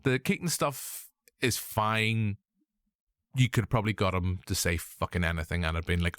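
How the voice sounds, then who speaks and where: A man's voice: fairly low pitch, moderate pace, no room sound, clean studio sound. A man with a Northern Irish accent hosting a casual film review chat, jokey and full of swearing. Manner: animated, swearing, jokey asides. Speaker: podcast host.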